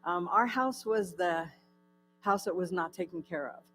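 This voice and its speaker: A woman's voice: lowish voice, a little slow, fairly bright tone, soft background music, low-quality recording. A woman from California giving a personal testimony to a church audience, telling her story with many fillers and asking the audience questions. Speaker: guest speaker. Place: church hall.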